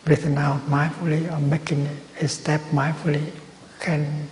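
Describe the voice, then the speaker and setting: Male Buddhist teacher giving a calm, measured retreat talk in a large hall, a faint hiss behind him. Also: a little high. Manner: slow, gentle, measured phrasing with long pauses. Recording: roomy hall with long reverb and faint noise.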